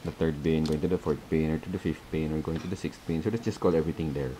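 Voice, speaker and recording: A man with a low, relaxed voice talks through a craft tutorial step by step. He is chatty, laughs often and repeats his instructions as he works. A faint hiss sits under the recording. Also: fast talker, hardly any pauses, poor audio.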